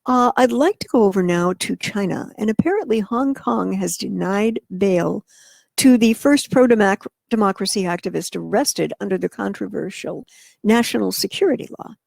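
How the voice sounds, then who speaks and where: Gravelly-voiced female radio co-host. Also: medium pitch, darkish tone, dry recording. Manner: quick news reading with short affirmations. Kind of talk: reading and discussing news on talk radio.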